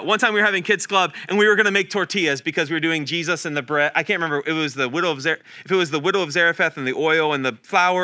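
A man in his thirties preaching a sermon in a church, animated and self-deprecating, showing points with his hands. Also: on the high side. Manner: animated, self-deprecating, talks with hand demonstrations. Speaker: guest preacher. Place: church sanctuary.

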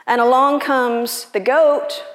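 A woman pastor preaching a sermon in an unhurried, conversational and personal way. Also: high voice, fairly even intonation, reverberant.

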